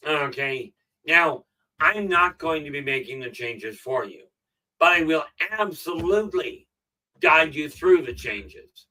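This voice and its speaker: A middle-aged man giving a casual motivational talk on a live stream, rambling and filling pauses with "okay". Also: on the high side, lively intonation, bright, forceful tone, distant mic, rough recording. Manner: rambling, frequent "okay" fillers. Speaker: self-help live streamer.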